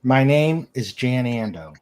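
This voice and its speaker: A man voicing a reserved, professional male officer in an amateur audio drama, speaking in a measured, formal way. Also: medium pitch, animated, darkish tone, natural voice.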